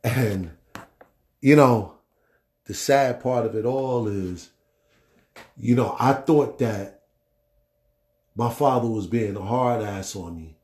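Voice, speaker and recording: A middle-aged man hosting a podcast, telling a story in a blunt, animated way, acting out the quotes and swearing freely. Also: fairly low pitch, slow pace, long pauses, roomy sound. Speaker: podcast host. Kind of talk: casual storytelling monologue.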